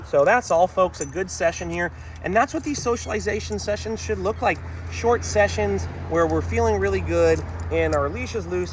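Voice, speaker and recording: A man with a fairly high voice explains dog training outdoors. He speaks in an encouraging way and keeps calling his viewers folks. Faint street noise and passing vehicles sit behind him. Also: normal speed, hardly any pauses. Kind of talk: outdoor training talk to camera. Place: outdoors in a town.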